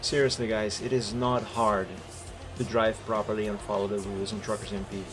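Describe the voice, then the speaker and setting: A man's voice: on the low side, little pitch movement, fairly quick. A man streaming live who moderates a game server and methodically explains recorded gameplay footage step by step. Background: faint background music.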